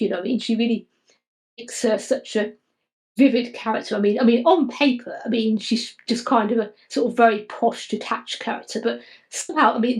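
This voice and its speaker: A woman co-hosting a casual podcast discussion, talking haltingly with many restarts and repeated fillers. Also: a little high, a little mellow, low-quality recording. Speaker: podcast co-host.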